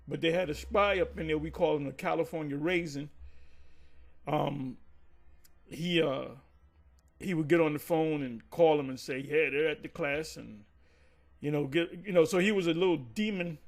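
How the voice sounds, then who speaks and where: Gravelly guy ranting thru an old church story, cussing, kinda high voice. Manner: animated, swears freely, quotes others in raised voice. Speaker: teacher recounting church history. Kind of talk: casual storytelling monologue.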